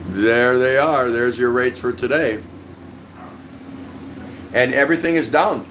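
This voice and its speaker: A man's voice: medium pitch, measured pace, a bit bright, echoey room, distant mic, slight background noise, low-quality recording. A man hosting a casual live-stream vlog, rambling in a friendly way and greeting viewers by name. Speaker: livestream vlog host.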